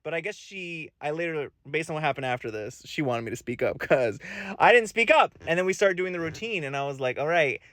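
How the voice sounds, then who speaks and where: A man's voice: fairly high pitch, fairly quick, dry recording. A young man telling a funny story to camera, laughing often and acting out what people said. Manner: animated, laughs often, acts out quotes. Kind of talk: comic storytelling.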